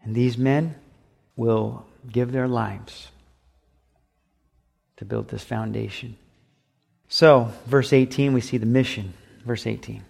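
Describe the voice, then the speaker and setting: A man's voice: mid-range voice, steady tone, slow, gravelly, pauses often, a little mellow. A man preaching a sermon as pastor, emphatic and repetitive, with acted asides.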